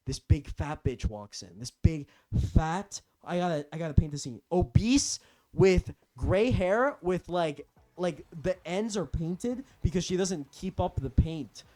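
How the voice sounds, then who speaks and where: A man's voice: a little high, dark tone. A young man telling a personal story in a casual rant, profane, rambling and agitated. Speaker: storytelling vlogger.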